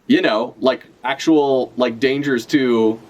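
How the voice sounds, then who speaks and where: A man giving casual live reaction commentary as a streamer, animated and profane, laughing often as he talks. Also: mid-range voice, slow pace, highs cut off. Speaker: streamer reacting to a manga chapter.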